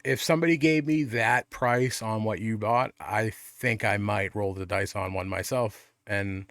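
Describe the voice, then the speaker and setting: Low-voiced man in casual podcast chat. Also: steady tone, a little slow, a bit bright, no room sound. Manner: rambling, swears often, restarts. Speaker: podcast co-host.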